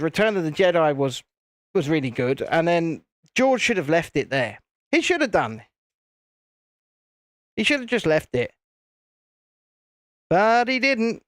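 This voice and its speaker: A British man hosts a live stream and chats loosely while he builds. His voice sits fairly high for a man. The sound is dry and close, with almost no room around it. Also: dry recording. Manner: chatty, rambling, reads viewer comments aloud. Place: home streaming setup with lights and cameras. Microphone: desk mic at a streaming setup.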